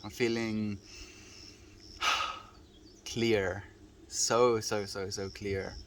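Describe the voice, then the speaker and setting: A man's voice: fairly low pitch, level tone, drawn-out words, fairly bright tone, slight background noise. A man livestreaming, chatting with his viewers in an earnest, affectionate, reflective way. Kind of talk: casual chat with live viewers.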